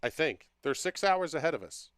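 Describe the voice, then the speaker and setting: A man's voice: a little high, very animated, normal speed, fairly bright tone, clean tone, no room sound, clean studio sound. A man hosting a casual livestream, joking as he reads out viewer comments and talks to them by name. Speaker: livestream host.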